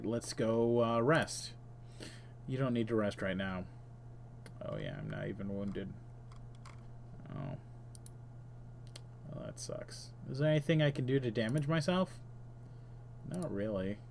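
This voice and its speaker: Guy with a higher voice doing a chill game stream, reading the game text out loud, lots of uhs and restarts. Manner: reads game text aloud between offhand remarks; frequent filler "uh" and self-corrections. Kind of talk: casual let's-play commentary.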